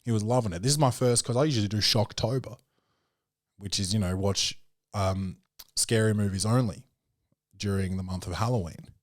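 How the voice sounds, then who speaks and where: A young man with a lowish voice chats loosely and profanely on his own podcast, full of fillers and restarts. He acts out other people's lines with sudden high jumps. The sound is dry and close, with no room around it. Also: moderate pace, no room sound. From Australia. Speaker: podcast host. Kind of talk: casual solo film review chat.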